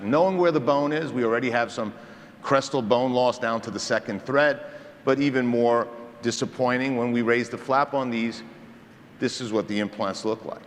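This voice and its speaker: A man's voice: medium pitch, a little hiss or hum. A male surgeon giving a conference lecture to dentists, engaging the audience with questions and stories. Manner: engaging storyteller, quizzes the audience. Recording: reverberant hall, faint ambience.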